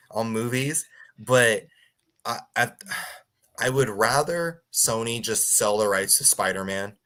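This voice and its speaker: A man's voice: medium pitch, slow, fairly bright tone. A man co-hosting a casual movie review chat, often stammering on restarts. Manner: stammering restarts, laughs easily. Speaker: co-host.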